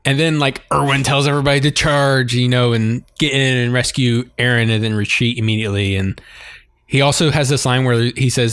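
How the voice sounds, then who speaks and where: A man's voice: mid-range voice, fairly even intonation, a little fast, fairly bright tone, clear, resonant tone, dry recording, clean studio sound. A man co-hosting a podcast, rambling through an anime recap with lots of "like" and bursts of laughter. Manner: rambling, heavy use of "like", breaks into laughter. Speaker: podcast co-host. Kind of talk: casual chat recapping anime.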